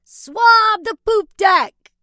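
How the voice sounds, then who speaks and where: A woman voicing a rowdy pirate crewmate, shouting drawn-out pirate calls. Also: extremely high pitch, animated, dry recording, clean studio sound, pitched above the performer's own voice, heavily acted. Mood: hearty shouting.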